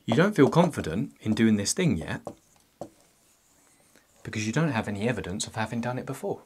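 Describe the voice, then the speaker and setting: A man's voice: fairly low pitch, very animated, a little fast, background noise. A young man talking to his own channel's viewers in a scripted self-help monologue, joking as he goes. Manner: playful, jokey asides.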